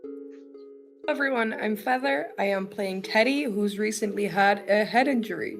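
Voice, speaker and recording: A woman's voice: medium pitch, normal speed, faint music behind. A woman player introducing her character, sheepish and chuckling. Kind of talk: casual chat.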